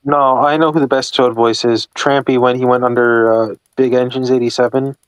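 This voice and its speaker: A man chatting casually with a friend while working, animated and laughing, often slipping into character voices. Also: mid-range voice, moderate pace, smooth, no echo. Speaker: channel host.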